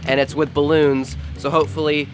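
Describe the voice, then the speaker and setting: A man's voice: on the high side, little pitch movement, brisk, music in the background. A young man vlogging casually and goofily while recovering from being sick, joking at his own expense. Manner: goofy, playful, self-mocking. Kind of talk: casual vlog.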